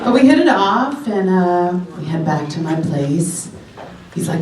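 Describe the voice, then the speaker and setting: A woman's voice: a little slow, background noise. Brash woman comic on a roomy club stage. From Long Island. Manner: brash, raunchy, animated storytelling with big pitch jumps. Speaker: stand-up comedian. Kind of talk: stand-up set. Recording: roomy club sound from a distance, loud audience. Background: audience laughter.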